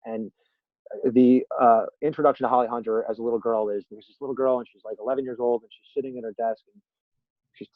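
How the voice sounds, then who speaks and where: A man's voice: medium pitch, fairly even intonation, quick pace, no echo. A man as a podcast guest in casual interview chat, a rambling, self-deprecating storyteller who acts out quotes. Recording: tinny phone-line sound, dry.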